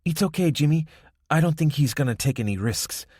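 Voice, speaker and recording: A man's voice: fairly high pitch, lively intonation, brisk, a little mellow, breathy edge, dry recording, clean studio sound, pitched above the performer's own voice. A man voicing a mocking young gang woman with a Spanish accent. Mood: amused. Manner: mocking, playful, giggly. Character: young woman, armed roadblock gang member, teasing and confident. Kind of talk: audiobook character voice.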